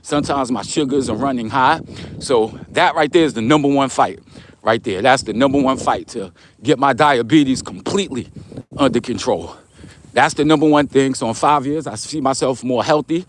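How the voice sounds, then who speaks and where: A man's voice: mid-range voice, normal speed, slight background noise. A middle-aged man with a New York accent, walking outdoors before dawn and reading live chat comments aloud in a laid-back, streetwise way. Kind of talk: casual livestream chat while walking.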